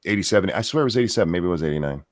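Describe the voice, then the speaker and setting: A low-voiced man co-hosts a casual live show. His pitch swings widely as he answers with dry, joking one-liners. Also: expressive, rapid-fire. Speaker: co-host. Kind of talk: casual livestream chat.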